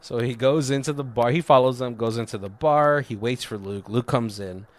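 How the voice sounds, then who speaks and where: On a laid-back movie review podcast, this co-host speaks at a normal speed in a mid-range voice. He often laughs while recounting scenes and doing loose impressions.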